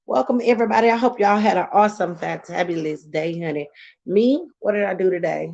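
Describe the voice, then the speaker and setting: A woman's voice: mid-range voice, a little fast, gravelly, a little mellow. A middle-aged woman chatting casually on a live stream, greeting viewers by name and laughing often.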